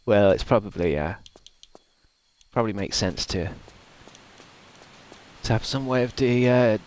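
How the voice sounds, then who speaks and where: A man's voice: on the low side, unhurried, darkish tone, slight background noise, poor audio. Chatty streamer man. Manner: chatty and rambling, laughs often. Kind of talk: casual gaming livestream chat.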